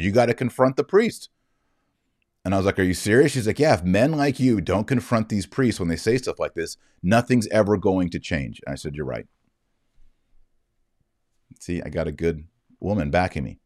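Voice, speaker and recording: Casting: man, very low voice, emphatic storyteller, dry close sound. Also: a little mellow, no room sound. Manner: emphatic, indignant retelling. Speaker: Catholic commentator. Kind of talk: storytelling monologue.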